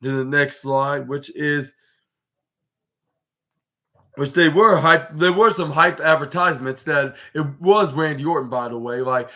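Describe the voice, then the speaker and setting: A man hosting a podcast recaps wrestling casually and at length in a slightly high, sharp-toned voice, unhurried and pausing often. His speech is packed with "like" and restarted sentences, and he performs what the wrestlers said.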